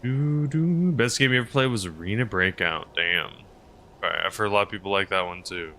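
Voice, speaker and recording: A man's voice: low voice, brisk, pushed and bright, a little hiss or hum. A male streamer in casual live-stream chat, rambling and answering his chat's messages as he plays.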